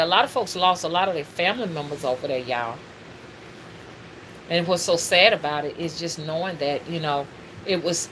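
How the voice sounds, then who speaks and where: Middle-aged woman, bright forceful voice, preachy livestream host with faint room noise. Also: lowish voice, poor audio. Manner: animated, preachy, addresses viewers as y'all. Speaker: spiritual reader and livestream host. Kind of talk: casual livestream talk.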